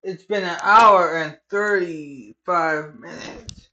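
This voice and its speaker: A man streaming live, reacting in a heated, profane rant that keeps bursting into shouting. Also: a little high, slow.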